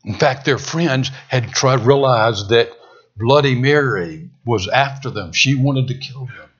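A male preacher delivering a dramatic sermon, swinging from loud emphatic peaks down to hushed near-whispers. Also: mid-range voice, unhurried, husky. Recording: dull lo-fi sound.

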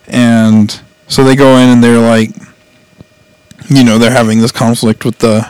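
A man's voice: mid-range voice, little pitch movement, normal speed, darkish tone, clear, resonant tone, dry recording. A man chatting casually, retelling a story in a rambling way and laughing as he goes. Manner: rambling, laughs often, quotes characters in voices. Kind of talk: casual chat retelling an anime plot.

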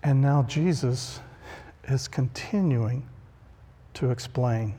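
A man's voice: medium pitch, takes it slowly, mellow, slightly rough. A man preaching a conversational sermon, acting out the voices he quotes. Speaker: pastor. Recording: long reverb of a large hall.

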